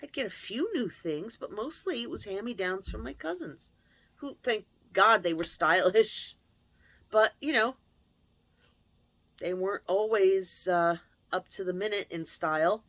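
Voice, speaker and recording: A woman's voice: medium pitch, no room sound. Candid woman telling a painful story. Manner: candid, emotional, reflective. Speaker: channel host. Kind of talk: confessional personal storytelling.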